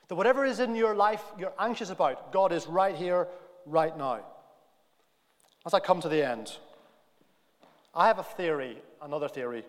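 A preacher delivers an animated sermon, building to near-shouts at his emphatic points. His voice sits high for a man. The sound carries the long reverb of a large church. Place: big church.

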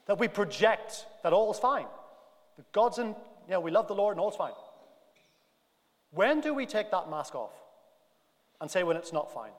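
A man preaching a sermon in a big church, animated and building to near-shouts at his emphatic points. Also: high-pitched, moderate pace, long pauses, long reverb tail.

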